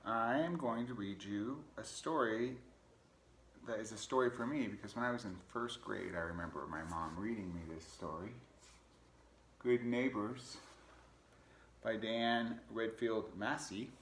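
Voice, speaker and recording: A man reading a picture book aloud to children, relaxed and chatty, pausing to talk about the pictures. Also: on the low side, slight background noise. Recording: echoey room.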